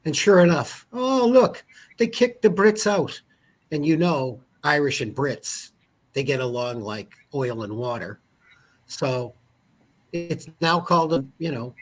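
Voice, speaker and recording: A man in his fifties with a husky voice, talking as a guest in a casual interview. He rambles through stories with lots of asides. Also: mid-range voice. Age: 50s. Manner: rambling storyteller, many asides. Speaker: insurance agent and guest.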